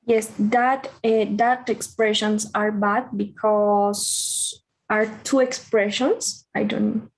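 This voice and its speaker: A woman's voice: mid-range voice, little pitch movement, slow. A woman student on a video call, answering her teacher hesitantly and reading words out carefully. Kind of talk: classroom answers.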